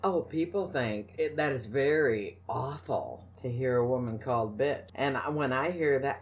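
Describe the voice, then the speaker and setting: A woman's voice: a bass voice, normal speed, hardly any pauses. An older woman co-hosting a casual talk show, sassy and teasing. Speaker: co-host. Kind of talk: casual podcast chat.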